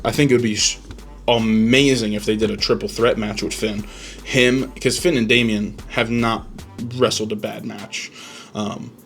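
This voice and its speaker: Chatty man rambling with ums. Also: on the low side. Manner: rambling, opinionated, lots of ums and restarts. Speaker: podcast host. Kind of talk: casual reaction chat.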